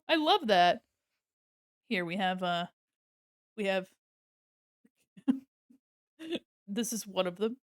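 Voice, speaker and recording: A woman's voice: medium pitch, lively intonation, drawn-out words, pauses often, dry recording. A woman streamer talks casually as she draws, her voice sitting in a middle register. She is giggly and affectionate, often breaking into laughter. The sound is dry and close, with no room around it. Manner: gushing and affectionate. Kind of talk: casual livestream chat while drawing.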